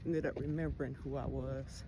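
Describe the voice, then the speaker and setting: A woman's voice: extremely low pitch, steady tone, normal speed. A woman giving a candid personal monologue, blunt and full of cursing as she talks about faith. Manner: blunt, heavy cursing, spiritual talk. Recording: noisy background hiss.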